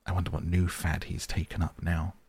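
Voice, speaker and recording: A man's voice: low-pitched, level tone, a little fast, a little mellow, breathy edge, dry recording. A man voicing a cheerful river rat. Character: cheerful good-natured male water rat.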